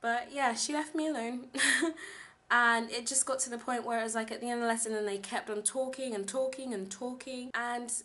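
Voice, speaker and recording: A woman's voice: a little high, steady tone, moderate pace, sharp tone. A young woman chatting casually in a vlog, rambling with lots of fillers. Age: young adult. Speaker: vlogger teaching abroad. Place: home kitchen, indoors.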